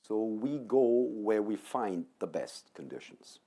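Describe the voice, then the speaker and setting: A man on a panel from the plant breeding sector, explaining in a measured way with some fillers. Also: on the low side, sing-song, warm tone. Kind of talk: panel discussion.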